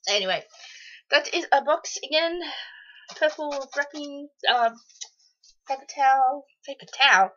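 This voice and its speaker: An Australian woman chatting casually through a beauty box unboxing, excitable and rambling, with lots of ums and happy squeals. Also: high-pitched, a little slow, long pauses, highs cut off. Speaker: beauty vlogger.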